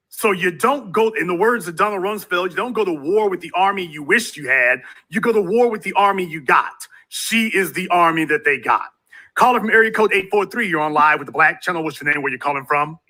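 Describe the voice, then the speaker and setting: Forceful high-voiced male talk-show host. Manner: forceful, repetitive preaching delivery. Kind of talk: call-in political talk show.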